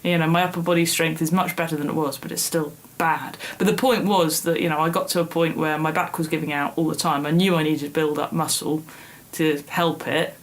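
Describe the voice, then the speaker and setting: A woman's voice: low voice, fairly even intonation, a little fast, few pauses. A young woman co-hosting a podcast, chatting casually with a self-mocking, laughing manner. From northern England. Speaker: podcast co-host. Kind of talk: casual chat.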